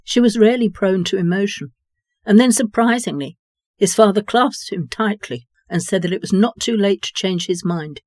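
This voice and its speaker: A narrator reading a story in a measured, even way. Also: medium pitch, no echo. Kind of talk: audiobook narration.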